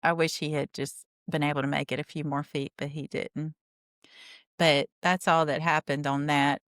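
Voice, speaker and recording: A woman's voice: deep voice, no echo, studio quality. A woman hosting a podcast, recapping a TV show in a chatty, wry, gossipy way. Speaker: podcast host. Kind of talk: casual TV recap.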